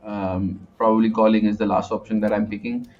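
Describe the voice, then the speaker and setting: Guy with an indian accent breaking down poker hands, lowish voice, kinda muffled lo-fi sound. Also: flat delivery, fairly quick. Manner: chatty, analytical, frequent fillers and restarts. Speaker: poker commentator. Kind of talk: live poker commentary.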